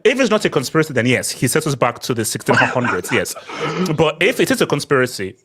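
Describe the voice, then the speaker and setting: A man hosting a casual group chat, animated and quick to cut in with strings of repeated words. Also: mid-range voice. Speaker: podcast host.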